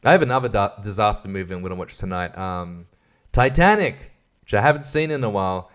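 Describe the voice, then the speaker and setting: A man's voice: fairly low pitch, expressive, brisk. Tired, rambling, foul-mouthed man. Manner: rambling, crude and profane, laughing at his own jokes. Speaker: podcast host. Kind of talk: casual solo podcast chat.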